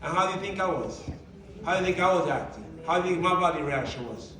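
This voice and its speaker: A man's voice: sits high, expressive, fast, crowd noise. A man presenting a motivational workshop to a live group, talking in a conversational, emphatic way and asking many rhetorical questions. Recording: echoey room, mic at a distance.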